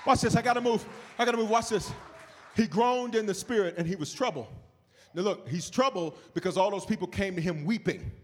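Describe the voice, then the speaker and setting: A man preaching to his congregation in a high, ringing voice. He swings between shouted, drawn-out calls and low, murmured storytelling as he walks through scripture. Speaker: pastor. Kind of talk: sermon.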